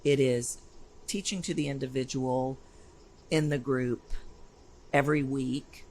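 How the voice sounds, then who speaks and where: A woman's voice: rumbling low, measured pace, rough recording. A woman, a voice coach being interviewed, talking energetically and emphatically in a casual conversation. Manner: energetic, emphatic, animated storytelling. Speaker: voice coach guest.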